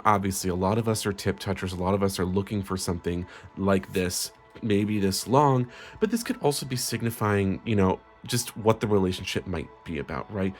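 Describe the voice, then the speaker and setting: A man hosting a comedic parody tarot reading, sugary and melodramatic with frequent swearing. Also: lowish voice. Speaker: tarot reader host.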